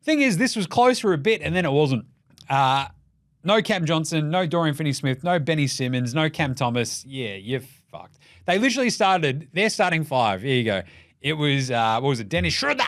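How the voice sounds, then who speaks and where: An Australian man hosting a basketball podcast, riffing in a jokey, profane, rapid-fire way. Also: a little high, big pitch swings, no room sound, clean studio sound. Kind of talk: casual solo commentary.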